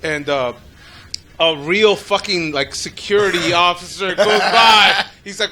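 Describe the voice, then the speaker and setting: A man with a high, very bright voice tells crude, laughing stories on a casual podcast. He swears freely and acts out other people's lines as he goes. A faint hum sits under his voice. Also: measured pace. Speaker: podcast co-host. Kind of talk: casual storytelling chat.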